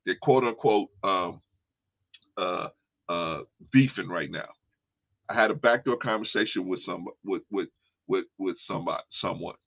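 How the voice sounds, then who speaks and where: A man with a fairly low voice hosts a casual discussion. He explains at length with everyday analogies and often stops to restart a phrase. His voice comes through a narrow, tinny phone line. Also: normal speed, vocal fry. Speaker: host.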